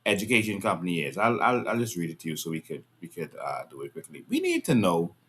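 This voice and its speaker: Speaking fast in a deep voice, a man offers casual political commentary to his viewers, firing off rhetorical questions and scolding with animated exasperation.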